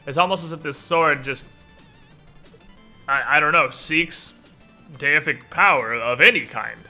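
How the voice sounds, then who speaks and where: A man voicing an earnest male army commander trained with the sword, speaking gravely and hesitantly over voice chat. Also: on the high side, bright, forceful tone.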